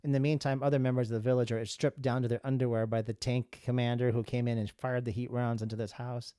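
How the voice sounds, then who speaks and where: A man's voice: mid-range voice, level tone, quick pace, dark tone, clear, resonant tone, no echo, studio quality. A middle-aged man from the United States, a guest telling a personal story in an earnest way, often repeating words for emphasis.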